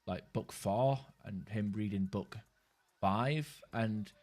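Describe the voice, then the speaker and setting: A man with a low voice talks casually over his gameplay, chatting with viewers as he plays. He rambles in stop-start bursts and swears without a second thought. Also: slow, a little mellow. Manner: chats with viewers while playing. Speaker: gaming streamer.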